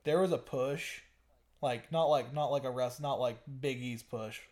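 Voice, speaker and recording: A man's voice: mid-range voice, measured pace, a little mellow. A man co-hosting a podcast in casual banter, swearing, stammering and trash-talking in fun. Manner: swearing, mock trash talk, stammering restarts. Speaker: podcast co-host.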